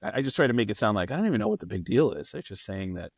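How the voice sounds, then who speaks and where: A man, a comedian guest, telling stories in a lively way and swearing freely. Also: lowish voice, racing, husky, no echo. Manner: acts out quotes in raised voices, swears freely. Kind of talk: animated storytelling.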